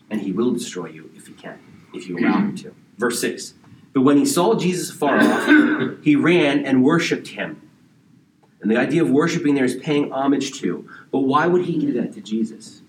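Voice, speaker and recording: A man's voice: fairly low pitch, a little hiss or hum. A pastor preaching a conversational verse-by-verse sermon, often checking in with his listeners. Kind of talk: expository sermon. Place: church sanctuary. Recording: roomy, distant church recording with faint ambience.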